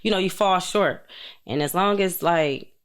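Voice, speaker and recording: A woman's voice: on the low side, unhurried, clean tone. A woman from Detroit with a Detroit accent, a podcast guest talking bluntly in a laid-back, slangy way. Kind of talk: casual chat.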